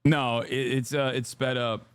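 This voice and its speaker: A man's voice: mid-range voice, little pitch movement, unhurried, smooth, no echo. A man giving casual live-stream reaction commentary, exasperated and conversational with frequent cursing, close to the mic.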